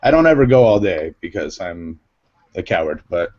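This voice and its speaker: A man hosting a casual group chat on a video call, jokey and quick to laugh. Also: sits low, sing-song. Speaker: show host. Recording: dull lo-fi call audio, faint noise.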